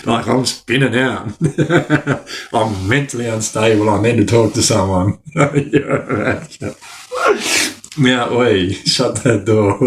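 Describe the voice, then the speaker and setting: A man drawls through his stories at an unhurried pace, full of slang and loose asides. He keeps breaking into laughter and tends to ramble. His pitch sits in an ordinary middle range. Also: slight background noise. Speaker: podcast guest. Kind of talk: casual storytelling.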